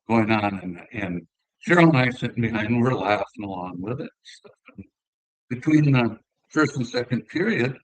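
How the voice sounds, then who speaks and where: An older man from northern Minnesota with an Upper Midwest accent, a former hockey player telling relaxed, rambling stories in an interview. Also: on the low side, creaky, dry recording, poor audio. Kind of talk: casual conversational storytelling.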